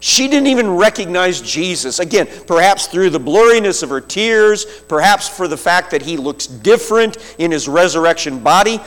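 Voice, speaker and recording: A man preaching a sermon, retelling a scripture story vividly with slow, deliberate phrasing. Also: sits high, big pitch swings, a bit bright.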